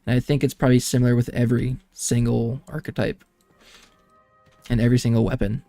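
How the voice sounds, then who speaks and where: A man's voice: medium pitch, level tone, a little fast, warm tone, faint music behind. A man streaming a game, rambling and chatting casually to his viewers and laughing often.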